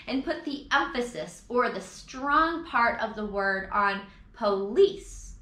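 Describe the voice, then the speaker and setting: A woman teaches a recorded music lesson to children at an unhurried pace, chanting rhythm words and counting out beats. Her voice sits a little high. The recording is echoey, with steady noise behind her. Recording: echoey room with background noise.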